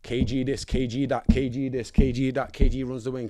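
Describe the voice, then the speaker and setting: A man's voice: medium pitch, a little fast, very noisy. Man telling stories in street slang. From Nottingham, England. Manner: animated storyteller, heavy street slang, acts out what others said. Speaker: podcast guest. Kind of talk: casual storytelling in an interview.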